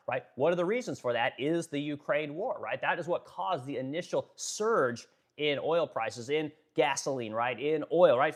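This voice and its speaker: Fast-talking man ranting about politics. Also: medium pitch. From Oregon. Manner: animated, peppered with "right?" and swearing. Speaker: political commentator. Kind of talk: casual political rant to viewers.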